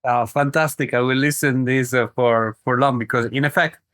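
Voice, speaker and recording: A man's voice: medium pitch, fairly even intonation, fairly bright tone, no echo. Hesitant male podcast host. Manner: halting, hesitant phrasing. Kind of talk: podcast interview.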